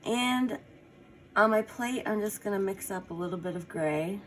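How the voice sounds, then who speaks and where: A woman's voice: medium pitch, normal speed. Chatty woman teaching painting. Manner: chatty, talks while working, apologetic asides. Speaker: painting instructor. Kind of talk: casual painting tutorial.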